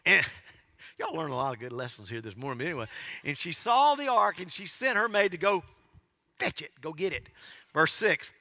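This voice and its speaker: Bright, high preacher, echoing church. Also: male voice, sing-song, normal speed. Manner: folksy, joking storytelling to the congregation. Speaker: pastor. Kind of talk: sermon. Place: church sanctuary. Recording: long hall reverb.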